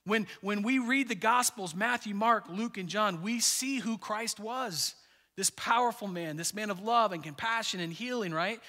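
Animated man preaching in a reverberant hall. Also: sits high, moderate pace. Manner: animated, conversational preaching with many fillers and restarts. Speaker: pastor. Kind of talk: sermon.

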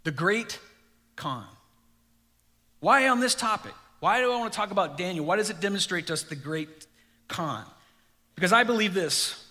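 A man's voice: high-pitched, animated, normal speed, pauses often, bright, forceful tone, big-room sound. A man preaching a sermon as pastor, talking conversationally to his congregation with frequent rhetorical questions. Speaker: district youth director.

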